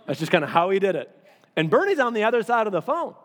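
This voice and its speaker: A man's voice: high-pitched, big pitch swings, fast talker, a bit bright. A male pastor preaching in a casual, conversational way, often repeating phrases for emphasis. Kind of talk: sermon. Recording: long hall reverb.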